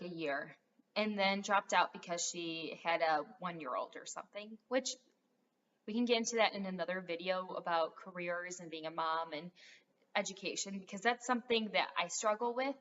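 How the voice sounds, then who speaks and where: Talking right to her viewers, a young adult woman rambles through a casual vlog in a fairly low, fairly bright voice at a moderate pace. Fillers run throughout, and the sound is dull and lo-fi.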